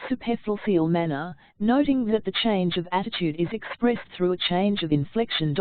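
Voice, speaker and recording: Woman audiobook narrator, lower voice, deliberate textbook reading, dry tinny sound. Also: expressive, no room sound. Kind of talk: reading a public speaking textbook aloud.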